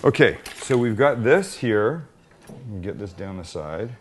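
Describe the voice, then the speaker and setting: A man's voice: lowish voice, big pitch swings, measured pace, background noise. A middle-aged man hosting a casual cooking demonstration in his home kitchen, joking at his own expense while he works. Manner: joking, self-deprecating, talks while working. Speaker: cooking show host.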